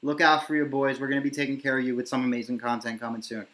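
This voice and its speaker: A man's voice: medium pitch, little pitch movement, rapid-fire, fairly bright tone. Opinionated man hosting a chat show. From New York. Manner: emphatic, opinionated, talks in long runs. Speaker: podcast host. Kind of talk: casual debate chat.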